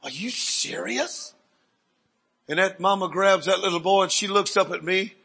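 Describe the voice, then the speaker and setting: A preacher telling a story in a high, bright voice with heavy gravel and a husky edge. He swings from near whispers to loud bursts as he preaches. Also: fairly even intonation, fairly quick. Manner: dramatic storyteller, sudden swings from hushed to loud. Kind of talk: sermon testimony storytelling.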